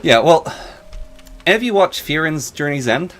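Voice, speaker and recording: A man's voice: on the high side, lively intonation, unhurried, fairly bright tone, soft background music. A man casually rambling and joking while narrating his gameplay. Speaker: gaming channel host.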